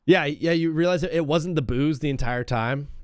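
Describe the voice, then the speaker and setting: A man's voice: fairly high pitch, moderate pace, a little mellow, clear, resonant tone, no echo, studio quality. A man hosting a casual call-in radio show, chatting and telling an easygoing story. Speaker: radio host. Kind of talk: casual chat.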